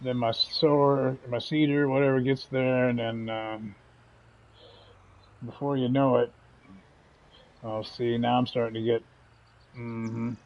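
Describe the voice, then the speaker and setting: A man's voice: medium pitch, flat delivery, slow, pauses often, dull audio. A man giving casual, folksy commentary while playing a farming game, chatty and chuckling often. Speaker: gaming channel host.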